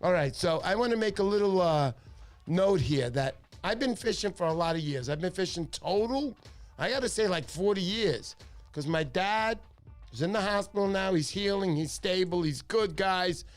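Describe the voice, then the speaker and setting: A middle-aged man hosting a casual livestream, telling excitable stories and acting out the voices of the people in them. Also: high voice, normal speed, soft background music. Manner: excitable storyteller, acts out voices in his stories. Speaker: livestream host.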